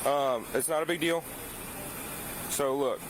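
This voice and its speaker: A police officer explaining things outdoors in a steady, matter-of-fact way, recorded on a body camera. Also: male voice, on the high side, measured pace. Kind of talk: calm explaining on bodycam. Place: outdoors by a fast food restaurant. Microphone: body camera mic. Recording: noisy bodycam audio outdoors.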